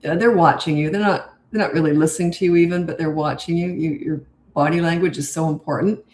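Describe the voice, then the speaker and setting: An older woman who coaches parents, answering viewer questions live in a calm, unhurried, low and slow way. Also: echoey room.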